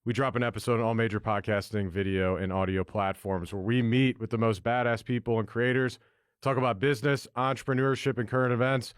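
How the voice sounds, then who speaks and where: A man's voice: medium pitch, fairly even intonation, brisk, clean tone, no room sound, studio quality. A man hosting a podcast in casual chat, brash and loose, with some swearing. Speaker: podcast host.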